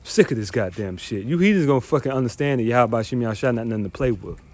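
A man's voice: mid-range voice, animated, fast talker, a little mellow. A man teaching the Bible verse by verse, reading passages then ranting in a profane, scornful, emphatic way. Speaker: scripture teacher.

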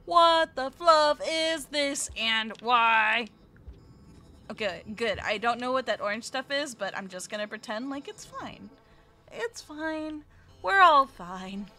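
A woman streamer with a high, bright voice gives cutesy, jittery play-by-play of a game. She often whimpers that she is scared, and her pitch swoops up and down a lot. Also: lively intonation, slow pace, soft background music. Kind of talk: live let's play commentary.

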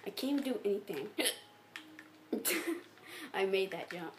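A woman's voice: mid-range voice, lively intonation, takes it slowly. A woman giggling through hiccups as she rambles over casual gameplay commentary to her viewers. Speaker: gameplay channel host. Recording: echoey room, faint background noise.

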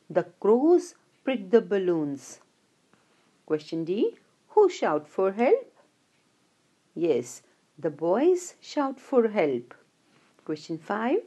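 A woman teaching a lesson to young children, speaking slowly, clearly and patiently. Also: medium pitch, mellow. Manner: slow, clear, patient, addresses children fondly. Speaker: English teacher.

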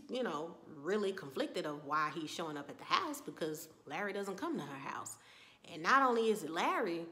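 A woman's voice: medium pitch, fairly bright tone. A woman casually recapping a TV episode in a chatty storytelling way, often slipping into the characters' lines. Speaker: TV episode reviewer.

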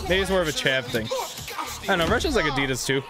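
A man reacts to his gameplay with excited whoops and joking asides. His voice sits high and swings widely in pitch. Game music plays clearly underneath. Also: fast. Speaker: gaming YouTuber. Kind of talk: let's play commentary.

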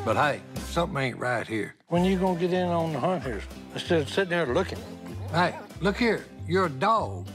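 A man's voice: a little high, animated, moderate pace. An older man with a Southern US accent, rambling in folksy banter and scolding his dog. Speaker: reality show cast member. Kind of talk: casual banter and to-camera asides. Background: background music.

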